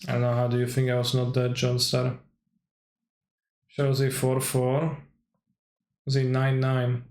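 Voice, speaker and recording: A man's voice: medium pitch, completely flat delivery, unhurried, darkish tone, echoey room. A man streaming himself playing a card game, talking through his plays and answering chat viewers as he goes. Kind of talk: casual gameplay commentary.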